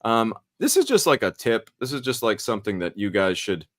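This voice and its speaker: A middle-aged man hosting a show, telling a story in casual chat full of swearing, with lively animated delivery. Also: lowish voice, fairly quick, dry recording, studio quality. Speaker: podcast host and actor.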